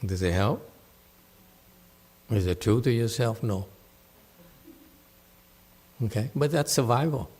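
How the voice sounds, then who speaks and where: A man with a lowish, slightly mellow voice and a breathy edge speaks slowly and expressively, leaving long pauses. He's running a laid-back meditation Q&A in a temple hall, joking, laughing often, and imitating the voices he quotes.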